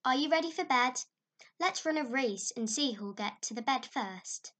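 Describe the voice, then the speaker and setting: A woman's voice: high voice, lively intonation, moderate pace, a bit bright, voice pushed up. A woman voicing an eager, imaginative young girl who speaks in lofty, rapturous tones.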